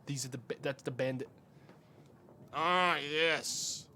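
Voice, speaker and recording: A male streamer who rambles and swears while he plays and comments on a game. His voice is high and bright. He jokes as he thinks out loud. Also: takes it slowly, a little hiss or hum. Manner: profane, joking, rambling. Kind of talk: gameplay commentary.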